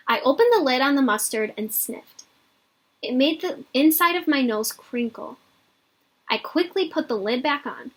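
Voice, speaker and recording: A woman teacher reading a children's book aloud expressively and pausing to explain the story to her class. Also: on the high side, fairly bright tone.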